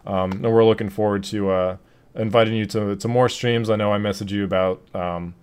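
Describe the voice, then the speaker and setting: A man's voice: lowish voice, fairly even intonation, a little fast, darkish tone, clear, resonant tone. A man hosting a casual podcast, talking loosely with many fillers and restarts. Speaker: podcast host. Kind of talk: casual chat.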